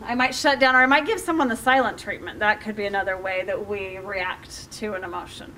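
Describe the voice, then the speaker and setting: A middle-aged woman with a high voice leads a life coaching workshop. She talks in a loose, conversational way, full of fillers, and keeps turning to the audience with questions. A faint hiss runs under her voice. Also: pushed and bright. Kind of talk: workshop talk to a group.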